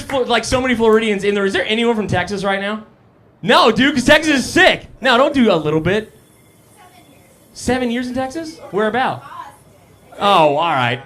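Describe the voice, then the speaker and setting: On a small comedy cafe stage, a young man performs a live stand-up set into a handheld mic, his voice fairly high for a man and fairly bright. He keeps it loose and casual, riffing with the crowd and poking fun at himself.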